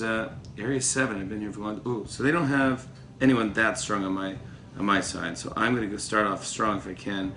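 A man giving casual, playful commentary while playing a mobile game, excitable and trash-talking his opponents. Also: fairly low pitch. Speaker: talk show host.

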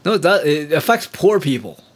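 A man's voice: a little high, sing-song, fairly quick. A man talking alone in a loose, heated rant, sarcastic and full of swearing. His throat is still sore from a recent illness, and he talks straight to the listener with a scornful edge. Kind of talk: casual rant monologue.

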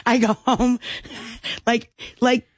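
Lively, self-mocking middle-aged woman storyteller. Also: on the high side, drawn-out words, no room sound. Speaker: guest. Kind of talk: animated storytelling in a talk interview.

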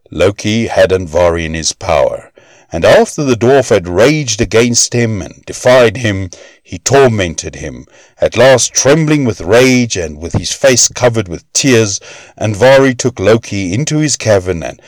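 A man reads an old myth aloud in a measured, expressive storybook style. His voice is very deep yet moves lively up and down. The recording is dry and close, with no room sound. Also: no room sound. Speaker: narrator. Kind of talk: storybook narration of myths.

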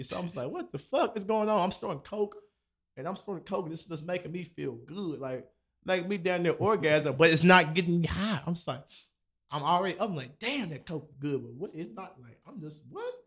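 A young man with a voice a little higher than most men's. He tells a story to his friends in an easy, animated way, slips into the voices of the people in it and swears freely. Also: a little fast. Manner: animated, acts out quoted dialogue, swears freely.

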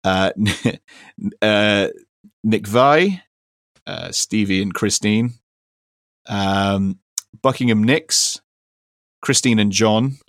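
A man's voice: on the low side, very slow, long pauses, no room sound. A man hosting a podcast, chatting casually in a dry, teasing way with lots of fillers. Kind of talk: casual chat.

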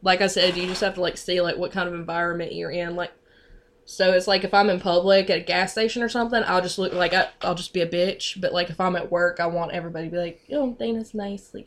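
A woman's voice: lowish voice, level tone, quick pace. A young woman in casual chat, talking loosely with many fillers and casual swearing.

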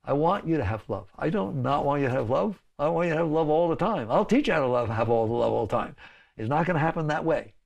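Guy with a gravelly voice doing a spiritual talk, chatty, keeps asking right? okay?. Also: on the high side, lively intonation, fast, muffled recording. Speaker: spiritual teacher.

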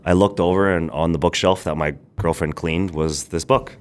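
A young man, a podcast guest, telling his story in casual, rambling speech with filler words and quick bursts. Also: low voice. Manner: rambling, quick bursts, quotes people in animated voices. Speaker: podcast guest, brand founder.

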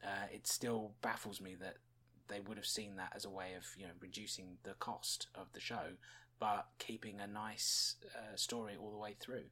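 A podcast host reviews a TV episode, musing chattily with fillers and frequent chuckles in casual spoken commentary. His voice sits on the low side, with a level tone, moderate pace, and a bright, forceful quality.

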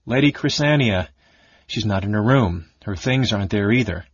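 A plump, kindly old innkeeper fusses mildly, as a male reader puts him on. His voice sits low and husky, on a dry, dull recording. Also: lively intonation, moderate pace, no echo. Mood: fussy. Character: rotund elderly male innkeeper, kindly and fussy.

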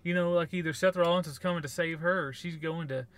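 A man's voice: fairly high pitch, quick pace, a bit bright. A man co-hosting a podcast, giving blunt, sarcastic opinions in casual review chat. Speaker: podcast co-host.

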